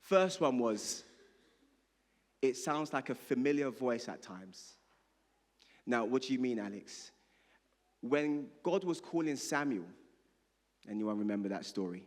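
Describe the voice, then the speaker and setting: A man's voice: mid-range voice, expressive, a little slow, pauses often. A male pastor preaching a sermon, leading the congregation in call and response and reading scripture aloud. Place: church hall. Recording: reverberant church hall.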